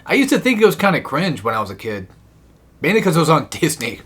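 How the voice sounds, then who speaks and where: A man's voice: huge pitch swings, fast talker, fairly bright tone, slightly rough. Young man rambling through cartoon scenes. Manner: rambling storyteller, laughing, quoting cartoon lines in high put-on voices. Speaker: co-op gamer. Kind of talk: casual chat while gaming.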